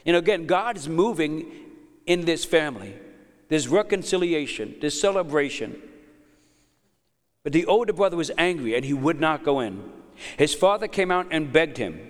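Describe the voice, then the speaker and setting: A man's voice: a little high, lively intonation, normal speed, long pauses. A middle-aged man preaching a sermon as pastor, emphatic and repeating words as he builds up. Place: church hall. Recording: long hall reverb.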